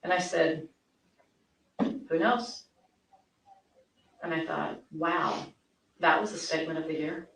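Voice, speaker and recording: Speaking slowly with frequent pauses, a woman with a low, gravelly yet fairly bright voice rambles through a recorded interview, restarting often and acting out quoted dialogue. The echoey interview room is recorded from a distance, with faint noise.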